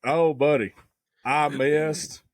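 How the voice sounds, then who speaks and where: A man's voice: a little high, steady tone, slow pace, dry recording. A man, co-hosting a podcast and telling a hunting story in a folksy, casual way. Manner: folksy storyteller, says "buddy" and "dude" a lot. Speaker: podcast co-host.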